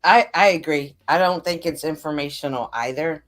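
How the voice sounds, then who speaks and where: A woman's voice: low voice, normal speed. Earnest woman telling a faith story. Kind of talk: casual conversation about faith. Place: live stream call.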